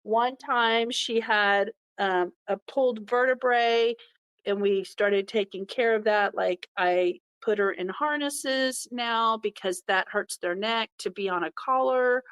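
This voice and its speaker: A woman's voice: fairly high pitch, fairly even intonation, slow pace, a bit bright, clean tone, rough recording. A middle-aged woman tells a personal story from the heart and acts out the voices of the people in it. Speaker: podcast host.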